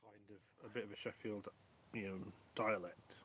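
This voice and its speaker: A man's voice: on the low side, fairly even intonation, moderate pace, a bit bright, a little hiss or hum. Chatty man with a mixed English accent. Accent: mixed northern and southern English. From England. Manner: chatty, reads viewer comments aloud. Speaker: live stream host. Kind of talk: casual live chat. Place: woodland camp outdoors at night.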